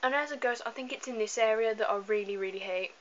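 This is casual let's-play commentary from a woman who rambles chattily over a video game and often apologizes in asides. Her voice is a little high and her pace quick. The slightly dull lo-fi home mic carries a faint hiss.

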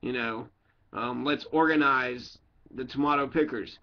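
A man's voice: mid-range voice, a little slow, highs cut off, natural voice. A man voicing a mock everyday guy in exaggerated lines. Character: mocking everyday man asking for tomatoes.

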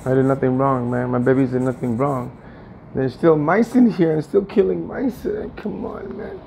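A man's voice: mid-range voice, normal speed, gravelly, a little mellow, a little hiss or hum. A man venting in a personal vlog from his apartment, aggrieved and repetitive, often swearing. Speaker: tenant vlogger. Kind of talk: agitated personal vlog rant.

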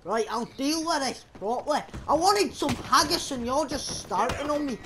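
A young man with a put-on Scottish accent, voicing a brash, foul-mouthed outlaw in a game role-play, rough and swaggering. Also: very high-pitched, animated, normal speed, background noise. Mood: blustering. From England. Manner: rough, swaggering, swears a lot.

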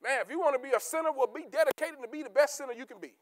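Pastor guy preaching, real high pitched, yells then drops way low, says words over and over. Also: racing. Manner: rising to shouts, then dropping to low asides; repeats key words for emphasis. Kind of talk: sermon.

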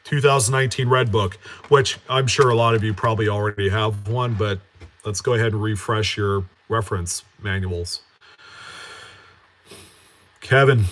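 A man hosting a coin collecting channel in a casual live-stream chat, greeting viewers by name and answering them in a relaxed, rambling way. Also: fairly low pitch, normal speed. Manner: chatty, reads out and answers viewer names; relaxed, with frequent fillers and self-corrections.

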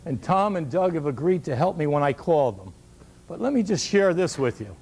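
A man's voice: a little high, big pitch swings, moderate pace, a little mellow, slightly rough. A man in his sixties coaching basketball shooting at a clinic, a folksy storyteller who jokes and repeats his key words. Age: 60s.

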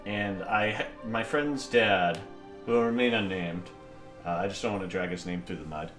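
A man's voice: on the low side, normal speed, fairly bright tone, reverberant, faint music behind. A man chatting casually while playing a video game, rambling and joking and easily sidetracked. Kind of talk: casual let's-play banter.

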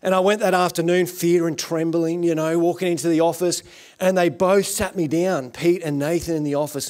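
Male guest preacher, Australian accent, conversational testimony with fillers, voice sitting a touch high. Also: moderate pace, a little mellow. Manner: conversational, earnest storytelling with frequent fillers. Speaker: guest pastor. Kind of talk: sermon with personal testimony. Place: church service.

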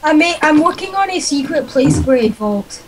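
A young female gamer talks in a high voice, stumbling over her questions. Her mic carries clear background hiss. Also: expressive. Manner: halting, asks a lot. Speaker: gaming friend. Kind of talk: casual game chat.

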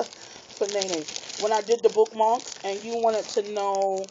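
A woman's voice: medium pitch, slight background noise. Chatty woman unboxing crafts. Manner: chatty, excitable, laughs at herself. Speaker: craft vlogger. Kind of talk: casual unboxing chat to viewers. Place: small apartment room. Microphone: tablet microphone. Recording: dull lo-fi tablet audio.

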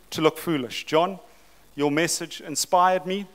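An excited South African man preaches a sermon in a fairly high voice. He speeds up and slows down as he acts out quoted words with dramatic emphasis. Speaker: church leader speaking at a leadership forum.

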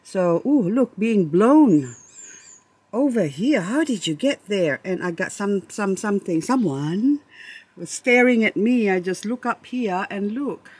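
A woman vlogging among her succulent shelves on a handheld camera, chatty and excitable, rambling and talking to her plants. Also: mid-range voice, a little slow, slightly rough, no echo. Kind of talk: casual plant-tour vlog. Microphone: handheld camera she moves around.

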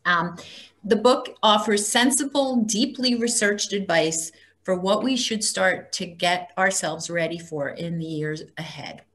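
A woman's voice: medium pitch, a little slow, a bit bright. A woman hosting a casual book talk for a small group, reading blurbs aloud with wry asides.

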